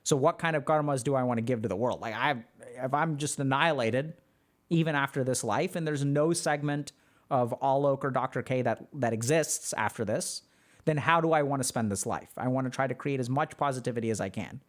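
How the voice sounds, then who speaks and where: A man's voice: medium pitch, a little fast. A man on a livestream, answering chat questions in a loose, chatty way full of fillers. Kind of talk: casual livestream talk.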